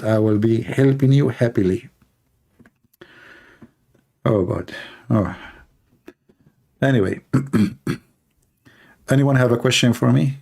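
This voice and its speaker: Gravelly-voiced man hosting a joking livestream. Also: mid-range voice, measured pace, pauses often. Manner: mocking, joking, animated storytelling. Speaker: livestream host. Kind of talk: casual comedic chat and anecdote.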